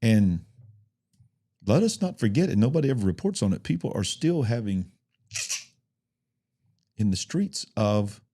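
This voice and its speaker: A man co-hosting a talk show, giving casual, chatty news commentary that speeds up and slows down. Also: on the low side, very animated, mellow.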